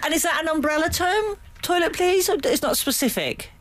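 Teasing woman radio guest, lively pitch. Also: fairly quick, very noisy. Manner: dry, teasing questions. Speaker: guest comedian. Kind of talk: casual radio chat.

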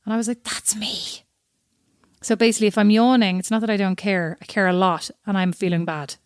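A woman in easy, rambling podcast conversation, often slipping into little quoted voices as she tells a story. Her voice sits at an ordinary pitch for a woman. The sound is dry and close, with no room around it. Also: fairly even intonation, fast talker, dry recording. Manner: chatty, acts out quoted voices. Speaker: podcast co-host. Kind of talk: casual chat.

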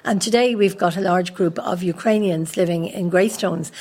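A woman, a journalist on a radio panel, speaking in a measured, reflective way. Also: on the low side, a little mellow.

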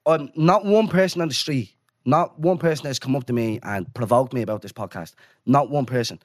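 A young Irish man hosting a podcast, telling stories in an animated casual way and swearing often. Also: mid-range voice, fairly quick, no room sound, clean studio sound. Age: young adult. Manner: animated, swearing, quotes people in lively voices. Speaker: podcast host. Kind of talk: casual storytelling.

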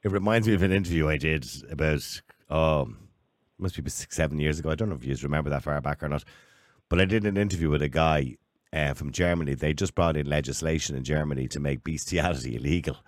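Fast-talking low-voiced radio host. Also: male voice, dry recording, studio quality. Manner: brisk, chatty, steers the conversation. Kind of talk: talk radio discussion.

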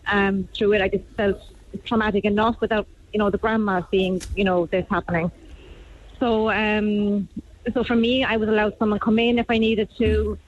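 A woman's voice: mid-range voice, level tone. Woman caller on a dull phone line. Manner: halting, heartfelt. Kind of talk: phone-in personal story.

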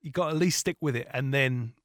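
A man's voice: mid-range voice, quick pace, dry recording, studio quality. A man talking as a comedian guest in a casual interview, telling stories and acting out quoted lines. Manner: animated storyteller, acts out quotes.

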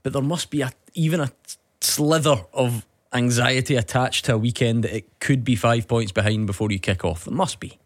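A man hosting a sports radio phone-in, brisk and teasing with callers. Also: mid-range voice. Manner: brisk, teasing, tongue-in-cheek.

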